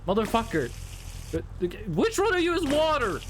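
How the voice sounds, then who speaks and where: Lively high-voiced Norwegian man streaming. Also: brisk, slight background noise. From Norway. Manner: rambling, chatty, answers chat, jokey. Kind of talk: casual live-stream chat while gaming.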